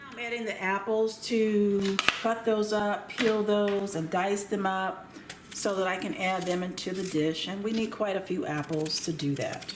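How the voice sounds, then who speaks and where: A woman hosting a cooking show, speaking gently and without hurry while she prepares food in a kitchen. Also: medium pitch, steady tone, roomy sound, noisy background. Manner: gentle, unhurried, talks while working. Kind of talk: cooking demonstration with calm chat. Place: home kitchen.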